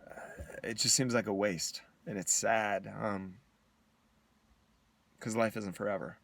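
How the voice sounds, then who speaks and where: A man talks in a candid personal video diary, reflective and halting, with many pauses. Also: fairly low pitch, steady tone, vocal fry, fairly bright tone. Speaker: vlogger.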